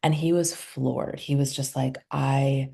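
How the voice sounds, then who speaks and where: A woman's voice: a bass voice, fairly even intonation, moderate pace, gravelly, mellow, slightly rough. A woman, a somatic healer guest on a podcast, recounting client sessions in casual conversation and acting out the dialogue.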